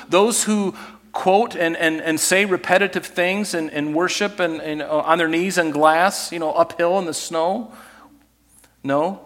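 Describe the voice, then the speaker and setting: A man preaching a sermon as pastor, animated and acting out scripture scenes with put-on voices, in a church sanctuary. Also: a little high, a little slow, big-room sound.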